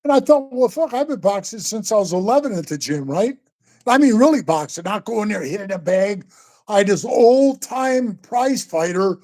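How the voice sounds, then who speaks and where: A man in his sixties telling stories in a casual chat, animated and profane, calling the host bro and man all the time. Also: sits high, moderate pace. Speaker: guest storyteller. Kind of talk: casual storytelling.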